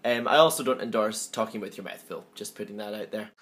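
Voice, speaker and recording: A man's voice: lowish voice, fast talker, background noise. A man chatting through a home-baking vlog, upbeat and self-mocking as he works in his kitchen. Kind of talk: casual baking vlog chat.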